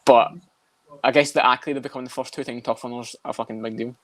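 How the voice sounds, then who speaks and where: Brief: very fast-talking male co-host, blunt and sweary, dry close recording. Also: medium pitch, fairly even intonation, no room sound. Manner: rapid, swears a lot, blunt. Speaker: podcast co-host. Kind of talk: casual chat about fights.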